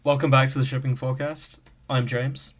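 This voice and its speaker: A man's voice: mid-range voice, normal speed, faint music behind. A man hosting a podcast in casual chat, joking and laughing often. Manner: jokey, laughs often, animated. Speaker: podcast host.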